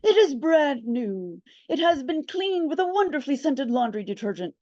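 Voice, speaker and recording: Woman as a prim, formal clerk, high and lively, slow and haughty. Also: no echo. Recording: dull, dry sound.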